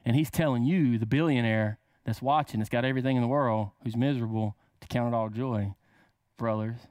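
A man's voice: mid-range voice, fairly quick, darkish tone, no echo. A man preaching a casual sermon to camera, asking rhetorical questions and drawing words out for emphasis.

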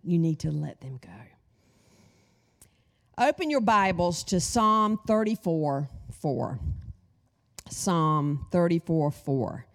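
Middle-aged woman preacher, unhurried, sermon delivery with audience prompts, wide-swinging pitch. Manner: animated, addresses the congregation with questions and call-and-response. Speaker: women's Bible study teacher.

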